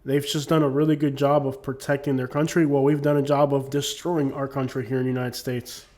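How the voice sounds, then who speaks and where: A man's voice: medium pitch, level tone, brisk, a little mellow. A man talking casually to camera as a YouTuber, rambling with lots of fillers. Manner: rambling, many "you know what I'm saying" fillers. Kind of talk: casual opinion monologue.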